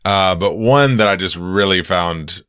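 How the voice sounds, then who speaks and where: A man's voice: deep voice, a little slow, fairly bright tone, clear, resonant tone, no echo, clean studio sound. A man co-hosting a podcast in casual chat, rambling and hesitant with many fillers. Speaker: podcast co-host. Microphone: podcast microphone.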